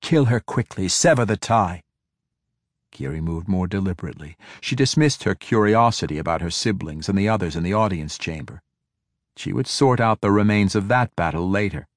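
A man reading a fantasy novel aloud in measured, dramatic narration. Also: low-pitched, expressive, dry recording, clean studio sound. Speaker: audiobook narrator.

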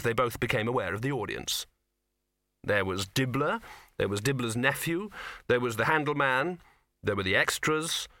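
A man's voice: medium pitch, sharp tone, no echo. A man narrating a comic novel as an audiobook reader, read close to the mic. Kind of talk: scripted narration.

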